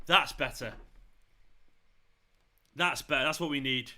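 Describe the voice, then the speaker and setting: A man's voice: a little high, takes it slowly, long pauses. A man hosting a live football watchalong stream, ranting and swearing at the referees. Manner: ranting, swearing, shouting in celebration. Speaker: football fan channel host. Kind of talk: live match watchalong commentary.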